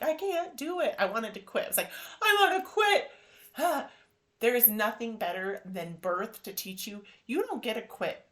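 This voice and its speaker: A woman in her thirties, hosting a podcast and telling a personal story in an animated, emotional way. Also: mid-range voice. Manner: emotional, animated retelling with acted quotes. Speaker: podcast host.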